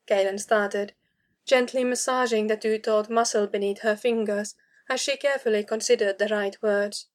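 Woman narrating a story calmly. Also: mid-range voice. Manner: calm, measured. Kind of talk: audiobook narration.

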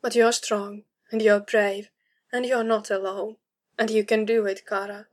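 A woman's voice: mid-range voice, unhurried, close to an everyday voice. A woman playing a tender, protective companion. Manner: soft, reassuring, steady.

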